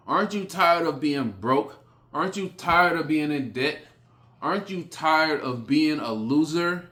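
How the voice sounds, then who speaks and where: A man giving a blunt motivational speech, repeating short phrases with sudden forceful rises. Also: a little high, expressive. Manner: blunt, repetitive, hammering phrases; slow, emphatic delivery with sudden loud rises. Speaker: motivational speaker.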